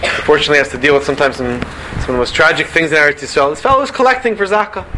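A man delivers a lively Torah lecture, firing off rhetorical questions and sprinkling in Hebrew and Yiddish terms. His voice sits high and sounds bright and forceful. A faint hum of room ambience lies beneath him. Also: rapid-fire. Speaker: rabbi giving a Torah talk.

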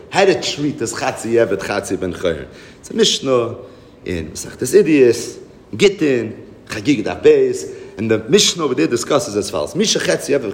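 A man of middle pitch teaching a Torah class, his voice rising and falling widely as he tells a Hasidic story. He slips into the voices of the people in the tale. The sound carries an echo from the room. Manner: animated, acts out voices in the story, mixes Yiddish and Hebrew terms.

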